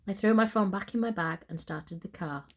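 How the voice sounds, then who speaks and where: A woman's voice: medium pitch, moderate pace. Woman author doing a plain first-person reading of her own novel. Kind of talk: reading fiction aloud.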